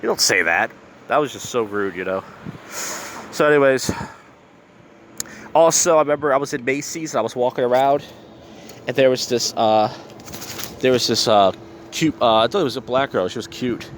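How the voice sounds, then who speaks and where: A man's voice: mid-range voice, moderate pace, long pauses. A man with a mid-range voice hosts his podcast outdoors, a little tipsy and slurring slightly as he talks. His delivery is blunt and profane, full of bitter venting in a loose storytelling style. Faint street traffic hums in the background. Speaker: podcast host. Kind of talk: casual storytelling monologue. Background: faint street and traffic noise.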